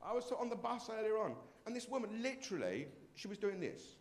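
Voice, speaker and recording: A man's voice: high voice, very animated, a little fast. A man performing a brash, self-mocking stand-up comedy set on a club stage.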